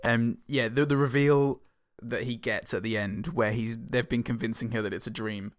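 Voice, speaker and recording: A man's voice: medium pitch, steady tone, moderate pace, no echo, clean studio sound. A man co-hosting a podcast, reviewing a film in casual, joking chat with plenty of swearing. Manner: sweary, joking, acts out lines from films. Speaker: podcast co-host.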